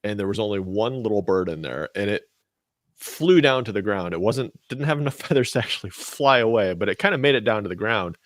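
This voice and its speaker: A man's voice: on the low side, animated, fairly quick, no echo. A man co-hosting a casual radio show, telling a rambling story into a studio mic. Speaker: co-host. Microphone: studio mic with ear monitors.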